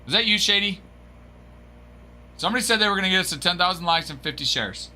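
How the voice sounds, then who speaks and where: A man's voice: high-pitched, animated, fast, bright, forceful tone. A man hosting a card break livestream, joking and laughing as he answers viewers by name. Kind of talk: casual livestream chat.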